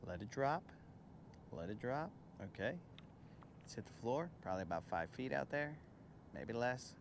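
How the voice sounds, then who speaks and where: Male fishing streamer, mid-pitched, laid-back and slangy, outdoor boat audio through a phone with light background noise. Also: normal speed, vocal fry. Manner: relaxed, talks to viewers and to the fish, slangy. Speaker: fishing livestream host. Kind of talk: casual live-stream chat while fishing. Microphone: phone camera on the boat.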